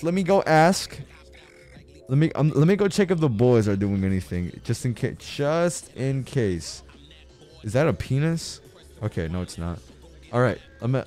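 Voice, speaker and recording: A young man livestreaming, chatting casually to his viewers and swinging between yelled rants and low mumbling.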